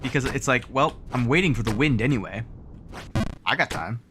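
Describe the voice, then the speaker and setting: A man streaming a game live, joking and mocking himself with quick outbursts. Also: medium pitch, animated, noisy background. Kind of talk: live gameplay commentary. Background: game music.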